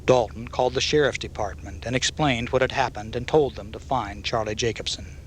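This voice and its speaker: A man narrating an audiobook novel in a measured, even storytelling manner. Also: mid-range voice, slight background noise.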